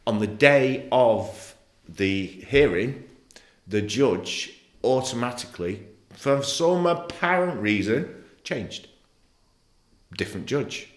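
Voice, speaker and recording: Speaking at mid-range pitch, this ex-footballer from England is animated but slow, leaving long pauses. He's a middle-aged podcast guest recounting his own story with raw emotion, blunt language and plenty of swearing, and the studio has a roomy sound.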